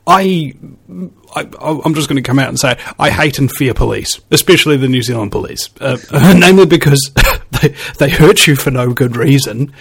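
A man's voice: medium pitch, normal speed, vocal fry, breathy edge. A man hosting a casual chat, blunt and sarcastic in tone.

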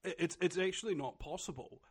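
A man's voice: sits high, brisk, breathy edge. A man with a New Zealand accent in a casual chat, blunt and opinionated, often restarting his sentences.

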